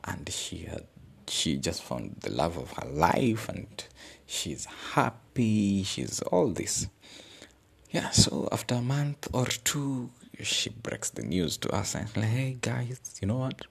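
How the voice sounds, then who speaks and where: A man's voice: fairly low pitch, very animated, slow, vocal fry, husky, in a whisper. A young adult man, telling a personal story in an earnest, reflective way as a podcast host. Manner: earnest, reflective, searching for words.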